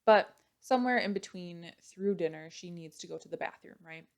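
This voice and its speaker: A woman's voice: on the low side, moderate pace. A young woman casually retelling a true crime story, chatty and full of "like" and "you know".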